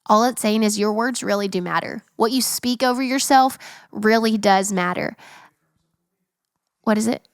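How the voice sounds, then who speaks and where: A woman's voice: medium pitch, moderate pace, long pauses, clean tone, no room sound, studio quality. A young woman hosting a faith-based podcast, talking in an earnest, heartfelt and emphatic way. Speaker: podcast host.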